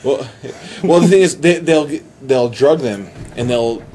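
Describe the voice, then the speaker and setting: A man in casual podcast chat, retelling a movie plot excitedly with many restarts. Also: mid-range voice, a little slow, slight background noise. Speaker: podcast host.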